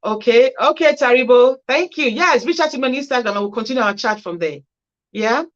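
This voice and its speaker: A care worker hosting a casual livestream, reading out viewer comments and answering each with chatty, practical advice. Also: female voice, on the high side, expressive, brisk, dull audio.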